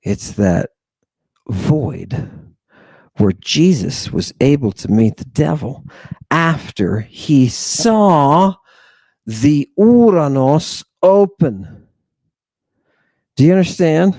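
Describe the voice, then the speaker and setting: A man's voice: a little high, big pitch swings, extremely slow, pauses often, mellow, no echo. A man hosting a late-night podcast lecture, rambling and sardonic as he talks straight at his listeners. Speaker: podcast host.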